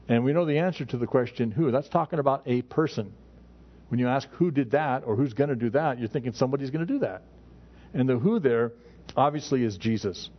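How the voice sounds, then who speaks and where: Working his way through scripture, a middle-aged male pastor delivers a conversational sermon at a medium pitch, frequently starting his phrases over. The audio sounds muffled and low-fidelity.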